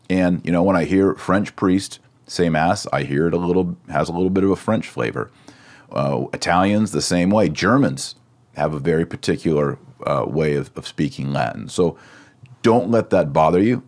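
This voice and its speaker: Very deep-voiced Texan man teaching. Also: a little mellow. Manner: patient, explains step by step. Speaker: Latin teacher. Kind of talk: online lesson.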